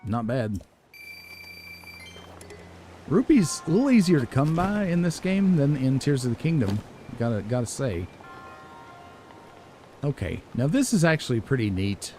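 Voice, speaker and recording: Male let's-play host, mellow low voice, animated pitch, soft game music behind. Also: unhurried, pauses often. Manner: relaxed, musing, chuckles at himself. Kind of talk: casual gameplay commentary.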